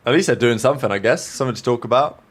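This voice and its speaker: A man co-hosting a casual esports podcast, measured and wry in his remarks. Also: medium pitch, a little hiss or hum. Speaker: podcast co-host.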